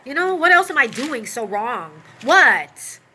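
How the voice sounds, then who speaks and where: A woman's voice: sits high, big pitch swings, measured pace, pushed and bright, slight background noise, rough recording. A woman telling a personal story in an emotional, rambling way, full of asides and fillers.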